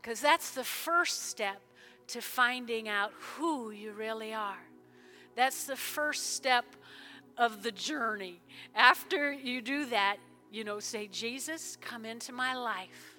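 A woman pastor preaching in a church service, fervent, with sudden loud bursts and soft prayerful stretches. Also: fairly high pitch, slow pace, soft background music. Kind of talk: sermon with altar call prayer.

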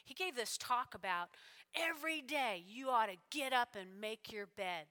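High, bright-voiced woman preaching in a reverberant hall. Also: moderate pace. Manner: animated, repeats lines, checks in with "all right?". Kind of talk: sermon.

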